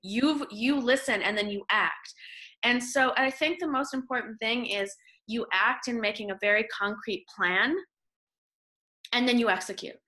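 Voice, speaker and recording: Bright-voiced woman guest telling her story. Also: fairly high pitch. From Canada. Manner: animated storytelling, quick restarts. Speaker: podcast guest, author. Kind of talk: casual interview talk.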